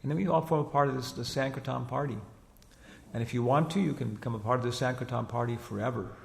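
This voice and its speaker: In a reverberant hall, a gravelly-voiced spiritual teacher tells stories during a casual religious talk, speaking fast in a mid-range voice. He rambles chattily, leans on "you know," and laughs as he recounts events.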